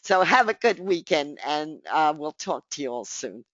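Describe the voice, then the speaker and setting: A woman's voice: sits low, expressive, moderate pace, no echo. A woman presenting a live marketing webinar who repeats her key points and speaks straight to her listeners, while she is losing her voice. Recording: dull, dry lo-fi recording.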